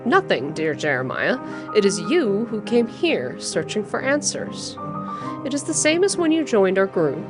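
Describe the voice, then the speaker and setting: A woman voicing a mysterious, solemn cult member from a horror adventure game, reading slowly and theatrically. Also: mid-range voice, wildly swooping pitch, music in the background.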